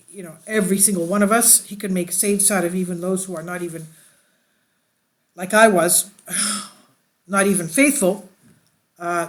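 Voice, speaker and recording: Unhurried alto woman sharing testimony. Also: mid-range voice. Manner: unhurried, rambling, with restarts. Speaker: church leader. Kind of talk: personal testimony and reading an article aloud.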